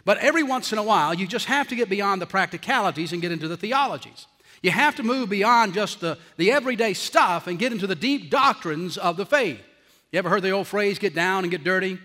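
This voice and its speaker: A man with a high, bright, forceful voice preaches a sermon as pastor, pressing hard on his key phrases and slowing them almost to a crawl. His voice rings out with the long reverb of a large hall, like a church sanctuary. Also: lively intonation.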